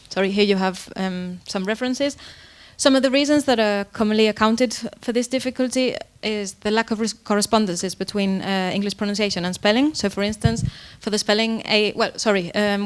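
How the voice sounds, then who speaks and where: A woman's voice: mid-range voice, clean tone. A woman lecturer giving an academic presentation on pronunciation teaching, explaining with frequent fillers and self-corrections. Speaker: university lecturer.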